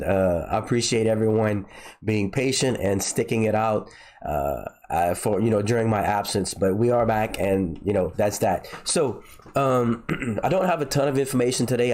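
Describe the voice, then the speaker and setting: A man's voice: on the low side, a little mellow. A man hosting his own video channel in a casual solo talk, sounding stuffy from a head cold and rambling with many filler words and restarts. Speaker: crypto channel host.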